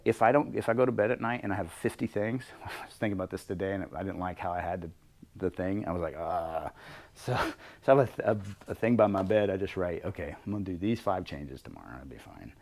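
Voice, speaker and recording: A middle-aged man with a fairly low voice coaches a small workshop group. His delivery is lively and conversational, and he slips into little acted-out exchanges to make his points. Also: fast talker. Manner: lively, acts out dialogue in different voices. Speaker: leadership coach. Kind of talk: workshop talk.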